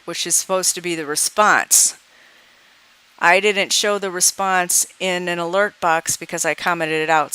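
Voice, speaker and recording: A woman's voice: on the low side, bright, forceful tone, clean tone. A woman walking through a coding example in a screencast tutorial, thinking aloud as she debugs and reads out dialog lines. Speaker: programming teacher.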